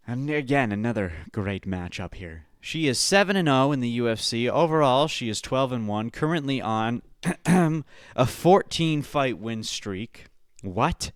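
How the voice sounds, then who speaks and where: A man's voice: medium pitch, clear, resonant tone, dry recording, studio quality. A young man hosting a podcast, breaking down fights in a loose, profane, chatty way. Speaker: podcast host.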